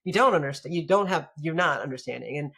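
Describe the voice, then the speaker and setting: Woman rabbi in a chat interview, thoughtful, lots of restarts, gets animated telling stories. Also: sits low, fast, vocal fry, breathy edge. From United States. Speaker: guest, rabbi. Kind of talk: conversational interview.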